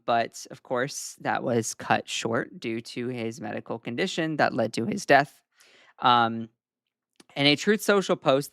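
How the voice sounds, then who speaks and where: A Southern-accented man talks through the news on a livestream. His tone is casual and wry, and he often pauses on "um." His voice sits at a medium pitch and sounds close and dry, with no room echo. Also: a bit bright. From Southern United States. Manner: casual, chatty, frequent "um" fillers, wry asides. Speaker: host.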